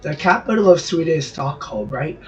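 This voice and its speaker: A man's voice: on the high side, expressive, moderate pace. A man from Brazil giving rambling, jokey gameplay commentary with lots of self-interrupting asides. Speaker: gaming channel host. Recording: distant, dull lo-fi mic with music behind.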